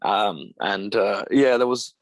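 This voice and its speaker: Young man, actor guest, low voice, dry close sound, animated storytelling. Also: slow, no room sound. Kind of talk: casual interview chat.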